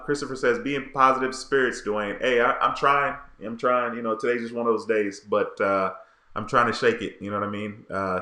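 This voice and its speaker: A man's voice: medium pitch, sharp tone. A man hosting a casual livestream, reading viewer comments in a laid-back, frustrated, slangy way. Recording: echoey room.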